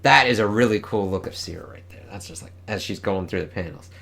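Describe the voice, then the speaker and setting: A man's voice: on the low side, a little fast, creaky, a bit bright. A man casually reviewing a comic book, swearing freely and reading the dialogue aloud. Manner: casual and profane, reads dialogue aloud in voices. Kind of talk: casual read-along review.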